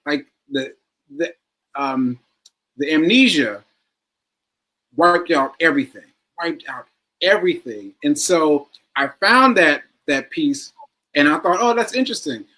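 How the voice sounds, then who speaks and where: A man's voice: on the high side, takes it slowly, pauses often, sharp tone, low-quality recording. A man being interviewed as a guest, speaking earnestly and repeating phrases for emphasis. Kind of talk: interview conversation.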